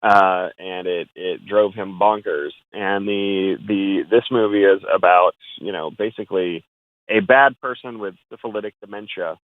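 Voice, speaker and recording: A man's voice: sits low, normal speed, no room sound. Wry male film critic on a phone line. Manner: opinionated, wry. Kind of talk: casual call-in chat. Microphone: phone call. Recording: tinny dry phone line.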